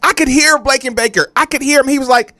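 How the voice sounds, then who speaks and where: A man's voice: very high-pitched, fast. A man co-hosting a sports radio show, telling stories and ranting in casual banter. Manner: animated, ranting storyteller.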